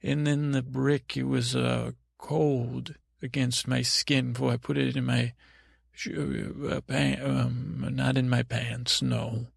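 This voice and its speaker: A man tells a bedtime story with a gravelly, low-key voice, drifting and stopping to restart his sentences. The sound is dry and close, with no room around it. His delivery wanders on purpose, slow to settle on a point. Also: little pitch movement, dry recording. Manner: meandering and halting, full of restarts and fillers. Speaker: podcast host telling bedtime stories.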